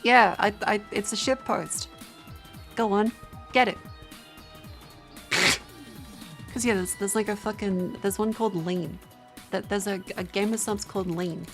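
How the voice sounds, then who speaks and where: A young Australian woman on a livestream who sounds tired and talks at an everyday middle pitch. She rambles from one joke to the next, swears freely and pokes fun at herself while chatting with her viewers. Faint music plays quietly behind her. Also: fairly even intonation, measured pace, creaky, long pauses. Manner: rambling, profane, self-mocking banter with chat. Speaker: streamer. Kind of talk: casual livestream chat.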